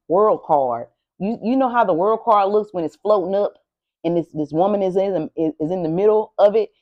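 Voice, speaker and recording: A woman's voice: on the low side, a little mellow, highs cut off. A woman giving a tarot reading. She talks emphatically and repeats herself, preaching to her listener. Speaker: tarot reader.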